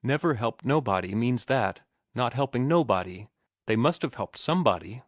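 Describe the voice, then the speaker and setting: A man's voice: mid-range voice, lively intonation, moderate pace, no echo, studio quality, natural voice. A man voicing an earnest young male sailor who talks in plain, ungrammatical working-class speech. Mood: puzzled.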